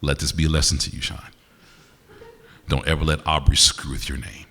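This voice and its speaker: A man's voice: very deep voice, level tone, brisk, creaky, heavy background noise. A male poet doing playful, teasing crowd work with his audience during a live show at a university concert venue. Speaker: performance poet. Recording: reverberant hall, live event.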